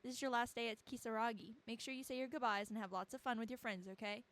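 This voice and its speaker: A woman reading the lines of a rushed, complaining mother in a game. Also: a little high, fairly even intonation, a bit bright, lightly acted. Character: hurried, fretful mother.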